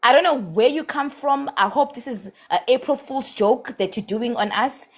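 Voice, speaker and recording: A woman's voice: sits high, normal speed. A woman with a South African accent in a heated live-stream debate, impassioned and scolding, slipping Zulu words into her English.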